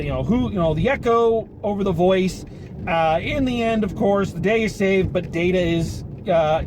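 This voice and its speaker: Man, high voice, sarcastic, rambling film review, car road noise behind. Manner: sarcastic, rambling, swears casually. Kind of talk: casual spoken film review. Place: car while driving home.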